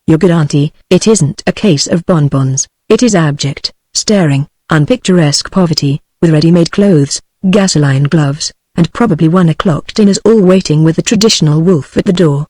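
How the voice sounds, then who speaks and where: A woman's voice: sits low, normal speed, few pauses, mellow, no room sound. A synthetic woman's voice with a British accent, reading the lines of a witty, theatrical young society woman in a text-to-speech audiobook. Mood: bantering. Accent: British English.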